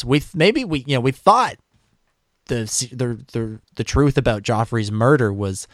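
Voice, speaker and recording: A man's voice: medium pitch, expressive, unhurried, dry recording, clean studio sound. A man co-hosting a podcast in casual discussion, talking hesitantly with many fillers and restarts. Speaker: podcast co-host.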